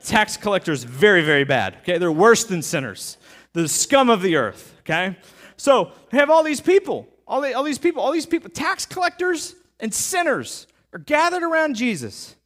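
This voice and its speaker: A male pastor delivers a sermon in a lively, conversational way, talking straight to the people in front of him. His voice sits high for a man and swings widely in pitch, climbing up and dropping low for emphasis. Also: normal speed. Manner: animated, conversational preaching with frequent asides to the crowd.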